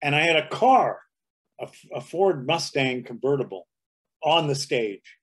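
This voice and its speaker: A man's voice: a little high, lively intonation, a little slow, slightly rough. An older man telling comedy anecdotes as a guest, jumping into character voices as he goes. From Canada. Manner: storyteller who jumps into character voices. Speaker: comedy writer and performer, guest.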